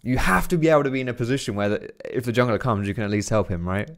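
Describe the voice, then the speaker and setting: A man's voice: medium pitch, expressive, very fast. Man, young adult, casual gameplay commentary, chatty, swears a lot. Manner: chatty, swears freely, laughs often. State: out of breath. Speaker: gaming commentator.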